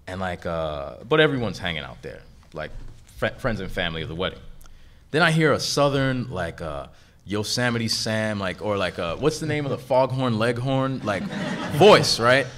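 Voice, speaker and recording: A man's voice: lowish voice, normal speed. A man on a comics convention panel, talking casually and laughing often as he tells a story. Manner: laid-back, laughs often, grows animated telling a story.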